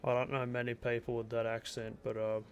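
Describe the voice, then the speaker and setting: A man's voice: medium pitch, completely flat delivery, a little fast, dull audio. A young Australian man with an Australian accent, rambling casually as he comments on his own gameplay on a stream. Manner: rambling, chatty, laid-back, self-talk while playing.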